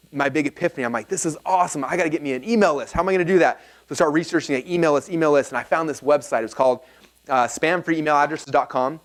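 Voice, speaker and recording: A man speaking to a live seminar audience, telling a personal story and acting out the dialogue with lots of energy. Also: mid-range voice. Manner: animated, acts out quoted dialogue.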